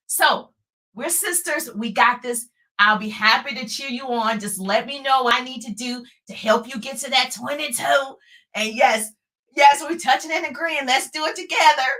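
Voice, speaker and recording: A woman coaching viewers live on a stream, energetic and cheering them on, often laughing. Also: sits high. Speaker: sales coach.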